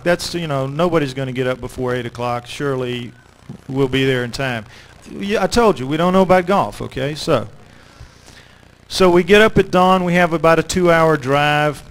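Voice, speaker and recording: A middle-aged man, an author and lecturer, telling a story to an audience in an animated way with dramatic pauses. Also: medium pitch, rough recording.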